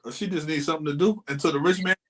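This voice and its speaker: A man's voice: on the high side, racing. A man co-hosting a casual chat show, adding wry, joking remarks about a reality dating series. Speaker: podcast co-host.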